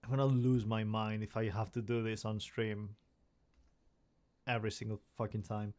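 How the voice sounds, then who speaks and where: A man's voice: fairly low pitch, level tone, normal speed, a little mellow. A young man chatting casually on a live stream from his room, rambling and joking at himself with many restarts.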